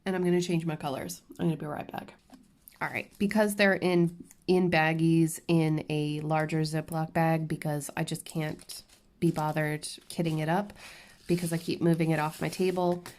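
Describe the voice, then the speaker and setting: A woman vlogging from her crafting table at home, talking candidly and ranting to her viewers with quick restarts and asides. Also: sits low, flat delivery, darkish tone. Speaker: diamond painting YouTuber. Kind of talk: casual chatty vlog while crafting.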